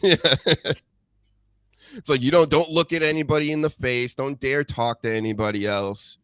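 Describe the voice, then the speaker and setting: A man's voice: medium pitch, steady tone, normal speed, a bit bright, clean tone, no room sound, clean studio sound. A man from New England hosting a live-stream show, chatting bluntly with crude jokes. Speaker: host. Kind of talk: casual live-stream chat.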